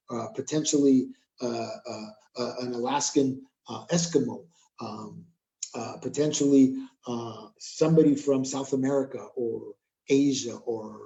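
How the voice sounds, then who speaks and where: A man's voice: mid-range voice, dark tone, muffled recording. A man from California giving an emphatic spiritual talk, chanting phrases in rhythmic repetition. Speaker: spiritual drum healer. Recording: roomy echo.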